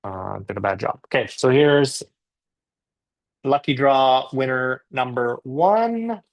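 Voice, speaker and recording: A Canadian man with a gravelly edge to his mid-range voice hosts a live English class. He chats loosely and cracks self-deprecating jokes as he talks to his viewers. He sounds relaxed and informal. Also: medium pitch, slow. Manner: chatty, joking, self-deprecating. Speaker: English teacher. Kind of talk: casual live class talk.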